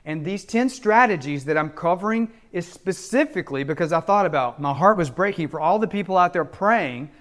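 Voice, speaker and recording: A man's voice: high voice, animated, brisk, hardly any pauses, a bit bright. A middle-aged man giving relationship coaching straight to camera, in an emphatic, repetitive, preacherly manner. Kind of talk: direct-to-camera advice talk.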